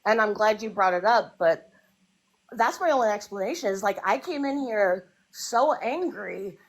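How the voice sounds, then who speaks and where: A woman's voice: mid-range voice, lively intonation, normal speed, poor audio. Woman rambling and apologizing in a live chat, flustered, voice bouncing all over. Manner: flustered, apologetic, many fillers and restarts. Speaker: live stream guest. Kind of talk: casual group chat.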